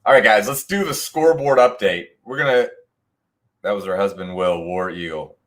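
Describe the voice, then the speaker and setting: A man's voice: lowish voice, normal speed. A man hosting an online trivia night, reading answers and scores and teasing players in the chat with sarcastic banter. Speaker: trivia host.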